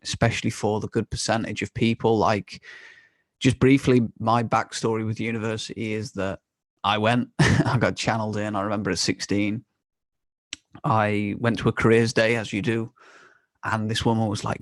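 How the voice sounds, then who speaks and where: A man's voice: fairly low pitch, level tone, normal speed, no echo. A young man hosting a podcast in a candid, conversational monologue, swearing and laughing now and then. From United Kingdom. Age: young adult. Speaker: podcast host. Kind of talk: casual monologue.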